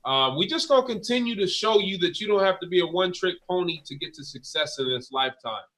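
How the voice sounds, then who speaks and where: Bright-voiced emphatic man. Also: high voice, expressive, fast, low-quality recording. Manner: emphatic, repeats key phrases. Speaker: guest. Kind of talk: casual interview talk.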